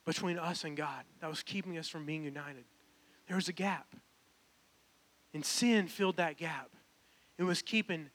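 A man's voice: on the high side, a bit bright. A young man, preaching a personal, earnest sermon that builds to emphatic calls. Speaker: pastor. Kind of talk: sermon with altar call.

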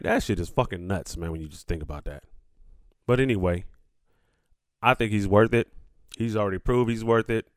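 A man's voice: fairly low pitch, no echo, clean studio sound. A man hosting a casual sports talk show, ranting. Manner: profane, animated ranting. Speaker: sports commentary host.

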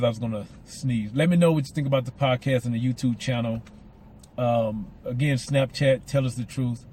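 A man's voice: mid-range voice, normal speed, dark tone. Southern-accented male podcast host, slight lisp, rambly and eager, street noise audible. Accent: Southern American. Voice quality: slight lisp from mouth aligners. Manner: rambling, repeats words, enthusiastic. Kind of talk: casual solo podcast monologue.

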